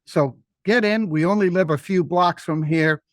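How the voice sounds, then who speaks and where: A man's voice: sits high, moderate pace, dry recording, clean studio sound, natural voice. A man voicing a kind older woman who speaks firmly and with motherly care. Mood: insistent.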